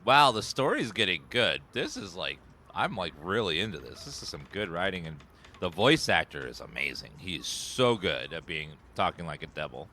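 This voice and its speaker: A man's voice: sits low, very animated, moderate pace, bright, forceful tone, slight background noise. A man streaming a video game, chatting casually with filler words. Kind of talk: casual gameplay commentary.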